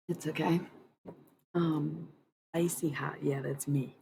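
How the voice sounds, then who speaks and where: A woman's voice: deep voice, fairly even intonation, extremely slow, vocal fry, pauses often, dark tone, lo-fi sound, slight background noise. A young adult woman streaming live, chatting in a meandering, dreamy way and laughing often. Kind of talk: casual livestream chat about channeling.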